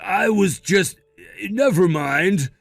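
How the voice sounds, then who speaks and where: A man's voice: sits high, animated, takes it slowly, creaky, dry recording, clean studio sound, soft background music, heavily acted. A man voicing a selfish, whiny grown man who is petulant and pushy.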